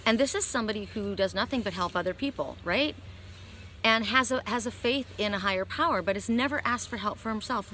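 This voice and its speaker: A woman's voice: on the high side, brisk, pushed and bright, slight background noise. A woman oracle card reader telling her viewers a story in an earnest, emphatic way, recorded outdoors. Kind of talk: casual spiritual talk to viewers.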